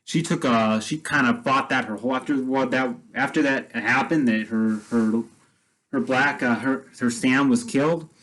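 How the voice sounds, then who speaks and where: A man's voice: mid-range voice, normal speed, fairly bright tone, low-quality recording. A man casually retelling a film story as a vlogger, rambling with many restarts and fillers.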